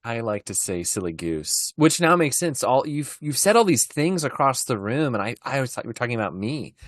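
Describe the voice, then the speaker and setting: A man's voice: mid-range voice, big pitch swings, fairly quick, no room sound, studio quality. A man co-hosting a podcast, joking in a playful way and laughing easily. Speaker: podcast co-host. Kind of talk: casual podcast conversation.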